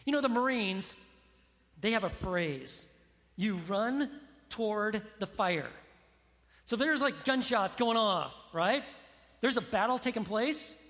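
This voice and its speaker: Animated man preaching in a reverberant hall. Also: high-pitched, slow, long pauses. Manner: animated, emphatic preaching with acted-out quotes. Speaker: pastor. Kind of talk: sermon.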